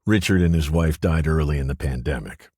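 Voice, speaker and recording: A man voicing a brash, profane male detective in an audiobook, loud and high above his own voice. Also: fairly quick, breathy edge, no room sound, clean studio sound. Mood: apologetic.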